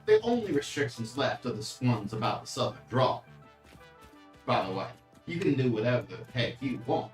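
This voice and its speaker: A man's voice: medium pitch, huge pitch swings, normal speed, faint music behind. A man co-hosting a gaming stream, playfully reading chat messages aloud. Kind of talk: casual livestream chat. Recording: roomy, distant mic.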